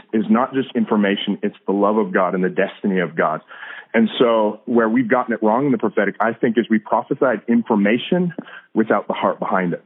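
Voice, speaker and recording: A man talking earnestly as a podcast guest about hearing God, with frequent restarts and fillers. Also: on the low side. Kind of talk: casual faith talk. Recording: tinny phone-like line.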